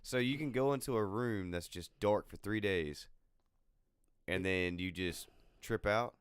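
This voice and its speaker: A man's voice: on the low side, unhurried, clean tone, dry recording, clean studio sound. A man co-hosting a casual podcast in a laid-back way, calling his friend "dude". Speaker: podcast co-host. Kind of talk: casual chat.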